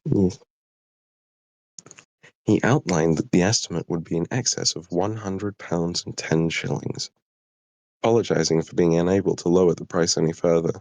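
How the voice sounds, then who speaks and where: A man's voice: deep voice, fairly even intonation, moderate pace, long pauses, darkish tone, no echo. A tired British man with a southern English accent reading his own story aloud and stopping for apologetic asides. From Britain. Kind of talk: live story reading and chat.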